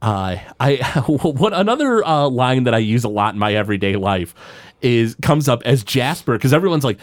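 Animated man recapping a cartoon. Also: medium pitch, no room sound. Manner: animated, loose retelling with many fillers and quick put-on quotes. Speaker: podcast co-host. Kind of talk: casual chat recapping a cartoon episode.

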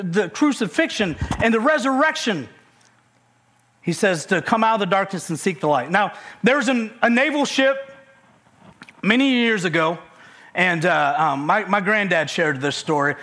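A man with a high voice preaches a sermon in a casual, conversational way. He presses his points by repeating key phrases again and again. Folksy, humorous asides break up the message. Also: fairly bright tone. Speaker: pastor.

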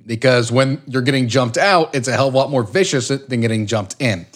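A man co-hosting a casual podcast, jokey and quick to slip into goofy voices. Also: mid-range voice. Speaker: podcast co-host.

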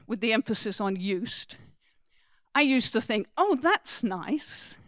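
A woman preaching a sermon to a congregation, earnest and emphatic, moving from soft asides to loud exclamations as she talks about scripture. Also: mid-range voice, clear, resonant tone, dry recording.

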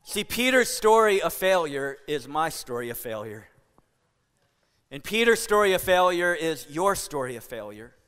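A man's voice: a little high, sing-song, moderate pace, fairly bright tone, smooth, in a large hall. A man preaching a sermon to a congregation, playful and joking with the crowd. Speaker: pastor. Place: church hall.

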